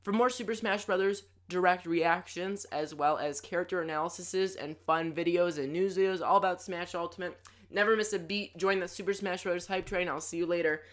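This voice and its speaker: Excitable woman gushing at a trailer. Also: lowish voice, fairly quick. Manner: gushing, excitable, loud exclamations and jokey asides. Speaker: YouTuber reacting to a game trailer. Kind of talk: excited reaction commentary.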